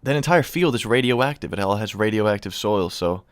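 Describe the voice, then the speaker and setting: A young man spins a long, rambling story, cursing freely and chuckling at himself. His voice sits a little low. The recording is dry and close, with no room sound. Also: animated, moderate pace, clear, resonant tone, dry recording. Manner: rambling, profane, laughs at own story. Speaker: vlogger. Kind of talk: casual storytelling.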